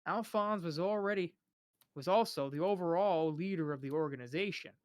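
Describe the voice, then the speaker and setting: A man's voice: on the high side, normal speed, no room sound, studio quality. A young man reading a novel aloud on a live stream, often stumbling over names and restarting words.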